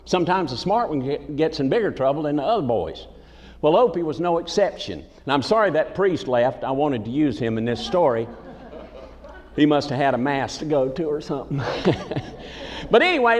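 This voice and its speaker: A man speaking in a slightly high, somewhat mellow voice plays a folksy Southern character onstage, telling comic stories and ribbing audience members. He's a comedic entertainer performing before a live crowd in a large conference hall, and the recording echoes.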